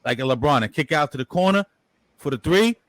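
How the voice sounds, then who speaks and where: A man's voice: a little high, expressive, brisk, a bit bright, dry recording. A man from New co-hosting a casual sports podcast, talking in a rambling, profane way and repeating words as he thinks. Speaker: podcast co-host.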